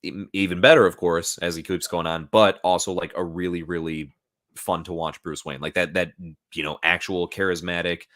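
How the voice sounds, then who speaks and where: At home in front of a laptop, a man with a very low but fairly bright voice rambles at length on a casual live stream, swearing now and then. He reads out chat comments and answers them, recorded through a new streaming microphone.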